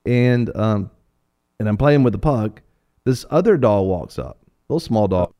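A middle-aged man co-hosting a casual chat, telling an animated story with laughter and little voices for the people in it. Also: on the low side, a little slow. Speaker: co-host.

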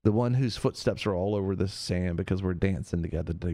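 A man preaching in a relaxed, conversational way, his voice sitting a little low. He is earnest and circles back over his points, now and then slipping into the voices of the people he quotes. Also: fast. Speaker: preacher on a radio show.

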